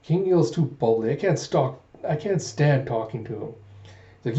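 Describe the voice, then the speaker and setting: A man's voice: a little high, animated, normal speed, dark tone. A young man casually narrating a manga read-through, chatty and loose as he recaps. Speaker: manga reader, video host. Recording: dull roomy home recording.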